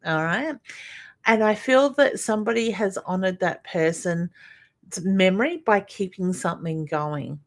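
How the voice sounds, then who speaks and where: Woman giving reassuring psychic readings. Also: lowish voice. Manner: affectionate, calls viewers honey and hun, reassuring. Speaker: psychic medium. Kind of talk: live-streamed psychic readings.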